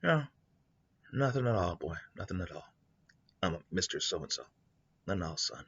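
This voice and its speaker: A man voicing a vengeful older male lawman who speaks in a slow, mocking, menacing drawl. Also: low voice, very animated, a bit bright, slightly rough, no echo, exaggerated voice. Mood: cold. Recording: dull lo-fi recording.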